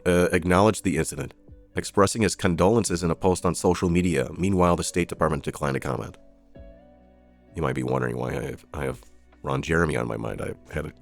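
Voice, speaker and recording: A man's voice: rumbling low, gravelly. A man hosting a live stream of political news commentary, reading out headlines with sarcastic, profane asides. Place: streaming setup.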